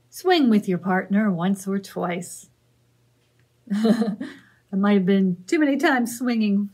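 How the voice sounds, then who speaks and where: A woman librarian leads a children's story time with a mid-range voice that is a little mellow and husky. She sings rhymes, reads a picture book aloud and makes animal sounds in a slow, encouraging sing-song.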